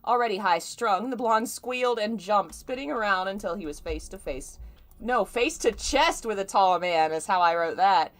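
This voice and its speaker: A woman's voice: medium pitch, moderate pace. A woman streaming a live reading of fan fiction, amused, often breaking off with laughter and side comments. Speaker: fanfiction reader.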